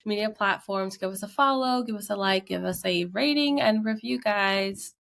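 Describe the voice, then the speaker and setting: Woman, young adult, podcast co-host, casual chat, chatty storytelling, middle pitch. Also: normal speed, gravelly, noisy background. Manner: chatty storytelling, laughs often.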